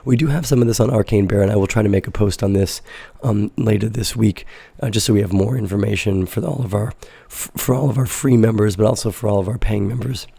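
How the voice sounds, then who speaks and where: A hoarse man with a stuffy nose and a heavily gravelly, husky low voice walks through a market chart in a loose, rambling way. His tone is dark and mellow, recorded close and dry with no room sound. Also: fast talker, dry recording. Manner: loose, rambling explanation with self-corrections. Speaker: crypto trading show host. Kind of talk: casual live market analysis.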